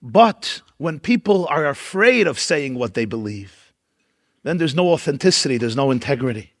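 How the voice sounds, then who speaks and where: A man's voice: a little high, animated, moderate pace, no echo, clean studio sound. A man, a rabbi, giving a storytelling keynote lecture at a dinner event, emphatic and building up lists.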